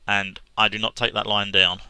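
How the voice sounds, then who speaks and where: Earnest guy vlogging, stumbles over his words a lot, bright tone, dead dry mic. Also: on the low side, little pitch movement, smooth, no room sound. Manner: sincere, halting, many restarts and fillers. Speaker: YouTube gaming vlogger. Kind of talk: casual earnest talk to camera.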